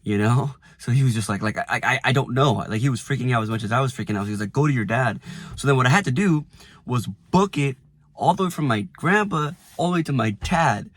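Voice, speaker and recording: A man in his twenties, vlogging casually from inside his car, rambling with lots of fillers and going quiet when a memory moves him. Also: medium pitch, animated, quick pace, no echo. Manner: rambling, lots of "like" and restarts, softens when emotional. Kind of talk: casual reflective vlog.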